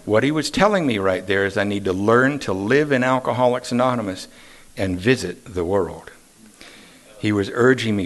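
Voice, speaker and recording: A man's voice: fairly low pitch, normal speed. A man in his sixties sharing his personal recovery story at a meeting, with self-deprecating humor and casual questions to the audience. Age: 60s. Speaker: AA meeting speaker. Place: meeting hall.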